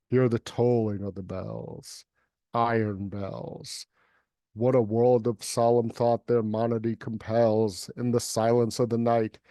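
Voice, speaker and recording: A man and poet delivers a dramatic, rhythmic recitation and drags out the key words for emphasis. His pitch sits in the middle range. The sound is dry and close, as on a video call. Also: dark tone, dry recording. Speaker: poet reading at a livestream event. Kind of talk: dramatic poetry recitation, then casual chat.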